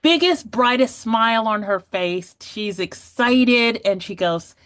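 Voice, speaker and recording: A woman in her forties telling her own story as a podcast guest, lively, laughing often and acting out the voices of people she quotes. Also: on the high side, slow, hardly any pauses, dry recording, studio quality. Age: 40s.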